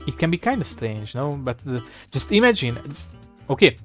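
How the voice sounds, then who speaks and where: A man's voice: medium pitch, big pitch swings, moderate pace, fairly bright tone, faint music behind. Rambling, irreverent man thinking aloud. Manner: rambling, irreverent, swears, looks things up aloud. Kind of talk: casual rambling commentary.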